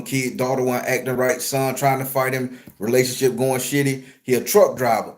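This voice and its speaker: A man who works as a spiritual reader, telling a story to his viewers in an animated, profane, conversational way. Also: medium pitch, normal speed. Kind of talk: storytelling vlog.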